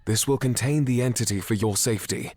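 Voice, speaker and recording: A man's voice: medium pitch, a little fast, darkish tone, no echo, close to an everyday voice. A man doing a stiff, put-on British phone operator. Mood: formal. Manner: formal, condescending.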